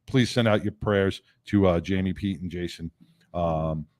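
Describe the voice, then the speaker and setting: A man's voice: low-pitched, a little slow, a little mellow. A man hosting a casual radio talk show, rambling with lots of fillers and restarts. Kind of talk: casual on-air banter.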